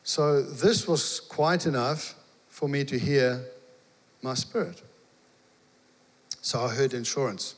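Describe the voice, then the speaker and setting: A man preaching, telling a lively personal story and acting out the dialogue. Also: medium pitch, slow, pauses often. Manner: animated storyteller, acts out dialogue, laughs. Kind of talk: storytelling sermon. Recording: long hall reverb.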